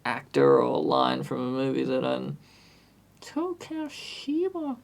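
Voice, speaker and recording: A man's voice: medium pitch, monotone, moderate pace, gravelly, clean tone. A man live-streaming a music recording session, thinking aloud and chatting with viewers in a self-deprecating way. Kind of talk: casual live-stream chat.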